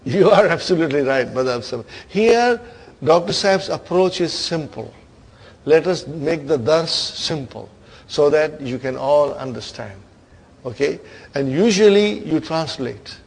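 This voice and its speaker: A man teaching an Arabic grammar lesson to students, coaxing them along, stretching key words and trailing off softly at the ends of phrases. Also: on the high side, lively intonation, unhurried, creaky, husky, poor audio. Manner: coaxing, keeps asking "are you with me, brother?".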